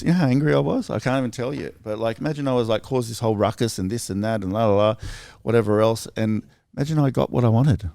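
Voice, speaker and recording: A man with an Australian accent, telling stories in a casual podcast chat, rambling and animated with lots of fillers. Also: medium pitch, fast, vocal fry, dry recording, studio quality.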